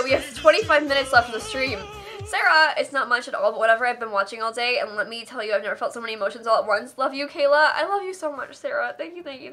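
A woman's voice: high-pitched, pushed and bright. Tired, tearful young woman streamer. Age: young adult. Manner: emotional, gushing thanks, laughing near tears. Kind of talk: live charity stream, reading donation messages.

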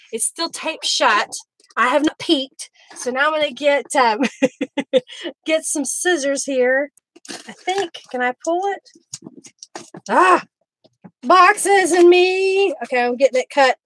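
A woman hosting a live craft stream, chatting warmly with viewers by name as she works. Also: high voice, measured pace. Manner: friendly, talks to viewers by name while working.

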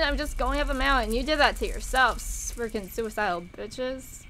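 A woman talking through a video game in a casual, excitable way, often shrieking and cursing at what happens on screen. Her voice sits a little high and sounds bright and tense. A faint hiss of noise lies under the recording. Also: normal speed, poor audio. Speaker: gaming YouTuber. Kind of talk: casual gameplay commentary.

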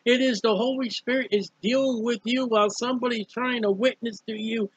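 A man's voice: very high voice, steady tone, a little fast, hardly any pauses, husky, no room sound, rough recording. A man preaching about a hymn in an earnest, pleading way, repeating phrases as he urges listeners toward faith. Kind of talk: sermon-style hymn commentary.

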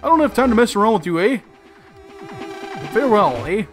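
A man's voice: sits high, very animated, brisk, soft background music. A man voicing a boastful robot ice villain in a video game, with a put-on Canadian accent, ending his lines with "eh". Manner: boastful, tacks "eh" onto lines.

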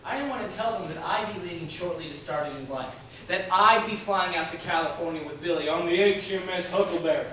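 A high-voiced, intense teenage son, played by a young actor on stage, swinging between hushed confession and loud theatrical bursts. He sounds far off in a very echoey theatre hall, with a clear hum of room noise behind him. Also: brisk. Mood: brooding. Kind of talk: live stage acting. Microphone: distant room mic.

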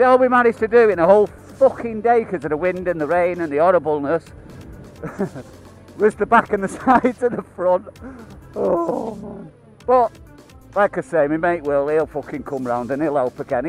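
High-voiced laughing British man vlogging. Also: normal speed, soft background music, poor audio. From United Kingdom. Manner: laughs often, swears constantly, rambling. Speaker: motorcycle vlogger. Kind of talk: casual chat to camera.

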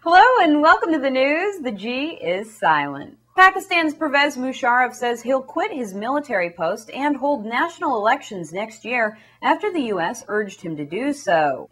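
A woman's voice: high-pitched, very animated, normal speed, hardly any pauses, fairly bright tone. Breezy, sarcastic woman news host. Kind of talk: satirical news presenting.

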